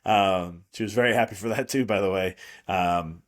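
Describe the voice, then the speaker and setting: A man's voice: low voice, normal speed. A man hosting a podcast as a prenatal chiropractor, talking in a rambling, reassuring way with frequent restarts. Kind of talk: solo podcast monologue.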